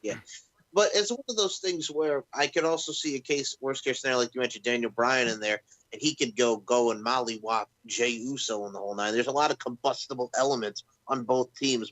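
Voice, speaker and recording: A man co-hosting a casual wrestling podcast, relaxed and slangy. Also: mid-range voice, no room sound, rough recording. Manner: laid-back, slangy. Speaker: podcast co-host.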